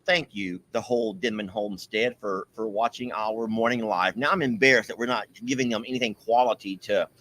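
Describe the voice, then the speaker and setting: A man's voice: on the low side, fairly even intonation, fairly quick, hardly any pauses, a bit bright. A man hosting a casual livestream outdoors on a farm, chatty and teasing. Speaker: livestream host.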